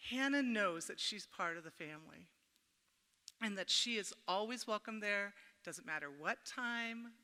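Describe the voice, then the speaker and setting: At a women's church camp, a middle-aged woman gives a chatty, folksy workshop talk in a medium-pitched, sharp-toned voice, a little slow but with lively intonation. Recorded in an echoey meeting hall, she tells homey stories and jokes around with the audience.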